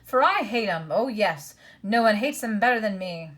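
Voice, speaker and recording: A woman's voice: mid-range voice, moderate pace, natural voice. Woman putting on a whining old hag. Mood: wheedling. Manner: wheedling, flattering.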